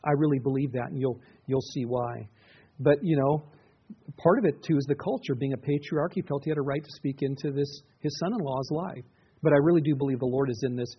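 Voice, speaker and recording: A middle-aged pastor preaches a sermon earnestly and conversationally, often restarting his sentences. His mid-range voice is fairly quick and slightly rough. The recording is dull, muffled and lo-fi.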